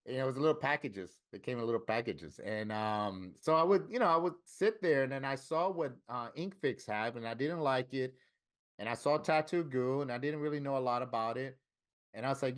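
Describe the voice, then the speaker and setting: Middle-aged man from Florida, mid-pitched voice, tattoo-artist guest, spins stories in a relaxed way and voices the people he quotes. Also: normal speed. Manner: lively storyteller who acts out quoted dialogue. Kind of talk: casual storytelling interview.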